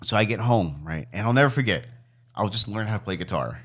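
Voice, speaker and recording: Male podcast co-host, casual storyteller, very expressive pitch, profane and laughing. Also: fast. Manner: animated, laughing, acts out family members in shouts; swears freely.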